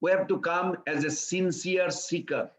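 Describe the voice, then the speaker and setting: A man's voice: fairly even intonation, normal speed. A man giving a storytelling sermon in simple, broken English. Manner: simple broken English, acts out quoted voices in a higher pitch. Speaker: preacher. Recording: echoey room, slightly dull sound.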